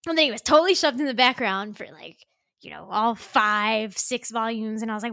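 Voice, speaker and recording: A woman's voice: on the high side, fairly quick, gravelly, pushed and bright, no room sound, clean studio sound. A woman hosting a podcast in casual chat, laughing often and retelling scenes with animation. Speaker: podcast host.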